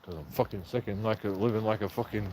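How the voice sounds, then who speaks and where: A man's voice: lowish voice, fairly even intonation, fast talker, darkish tone, a little hiss or hum. A man, rambling and swearing in a casual vlog monologue with frequent chuckles. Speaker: vlogger.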